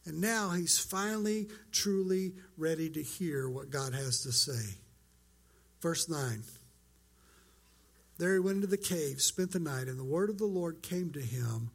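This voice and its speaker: A man's voice: a little high, animated, measured pace, vocal fry. A man preaching a sermon as pastor, earnest and conversational, acting out quoted lines.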